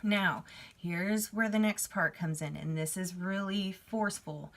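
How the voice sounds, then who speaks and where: A woman's voice: mid-range voice, a little slow, a bit bright. A woman giving a spiritual card reading, talking to the viewer in a chatty, reassuring way. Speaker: tarot reader.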